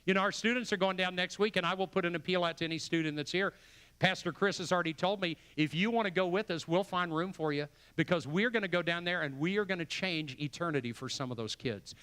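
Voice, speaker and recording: An older man preaches to his church in a fairly high-pitched voice. He pushes hard on repeated phrases and lets his excitement build. It sounds like a pastor calling his people to a mission. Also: quick pace, smooth. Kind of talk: sermon. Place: church sanctuary.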